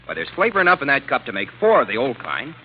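Man doing a brisk husband, swooping voice, radio-ad acting, muffled old broadcast with faint hiss. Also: medium pitch, very animated, close to an everyday voice. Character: hurried husband in a coffee ad.

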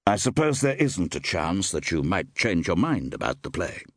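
A man playing a suave, quietly probing gentleman. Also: deep voice, very animated, no echo, clean studio sound, full character voice. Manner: measured, polite, quietly probing.

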